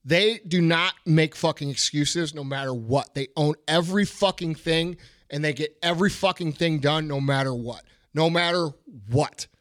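A man's voice: a little high, moderate pace, fairly bright tone, no room sound, clean studio sound. A middle-aged man hosting a podcast, ranting bluntly and profanely in casual chat. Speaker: podcast host.

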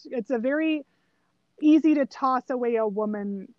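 A woman's voice: high voice, normal speed, no echo, highs cut off. A woman co-hosting a podcast, casually discussing a film and acting out lines from it. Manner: animated storyteller, acts out quoted lines. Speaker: podcast co-host.

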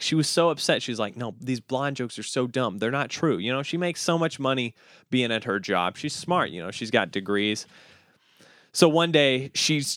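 A man hosting a podcast, telling jokes in an animated, chuckling way and often repeating himself. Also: mid-range voice, dry recording, clean studio sound. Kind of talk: casual joke-telling chat.

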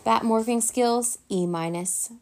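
Woman voicing a stern vampire mother, shrill, sneering, gravelly. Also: a little slow. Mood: scolding.

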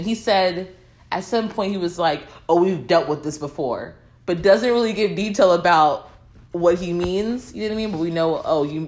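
Woman, casual film chat, animated, teasing, slightly low voice, roomy echo. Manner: animated, quick to push back and tease. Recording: echoey room.

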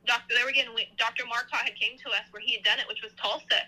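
A woman's voice: on the high side, steady tone, fast talker, sharp tone, rough recording. A woman in her thirties, a podcast guest, telling a personal story in a casual, rambling way with many restarts.

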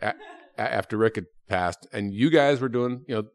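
A middle-aged man reminiscing in casual chat, his lowish voice stumbling through restarts and casual swearing. He sounds like a fellow improviser talking shop. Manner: halting, full of restarts and profanity.

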